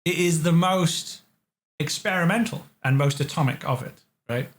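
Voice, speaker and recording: A man from England who designs games, telling lively studio stories as an interview guest and acting out the voices of the people he quotes. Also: a little high, normal speed. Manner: animated storyteller, acts out quotes. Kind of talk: casual interview chat. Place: living room.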